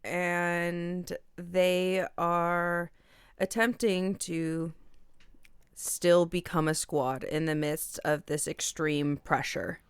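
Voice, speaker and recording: A woman's voice: fairly low pitch, level tone, drawn-out words, clean tone, no echo. A woman co-hosting a podcast, chatting casually about a book, correcting herself and laughing at her own slips. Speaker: podcast co-host.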